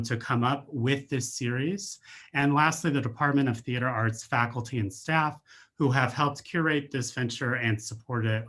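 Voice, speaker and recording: A man's voice: medium pitch, a bit bright. A male professor hosting a speaker series, introducing the guest in a friendly way with many fillers, heard over a video call.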